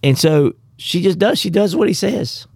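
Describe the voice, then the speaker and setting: A man co-hosting a casual Bible study talk, telling the story with animated, playful asides. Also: sits high, moderate pace, vocal fry, husky, no echo. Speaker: co-host of a Bible study podcast.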